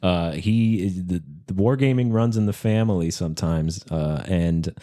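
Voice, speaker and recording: Deep-voiced man rambling through a story. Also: measured pace, mellow. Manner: rambling storyteller, many fillers and restarts. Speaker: podcast co-host. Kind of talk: casual podcast chat.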